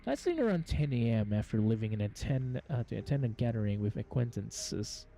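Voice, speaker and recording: Man, gameplay commentary, reads game text aloud, trips over words, warm mellow tone, soft music underneath. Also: medium pitch, very animated, brisk, gravelly, rough recording. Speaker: gaming channel host.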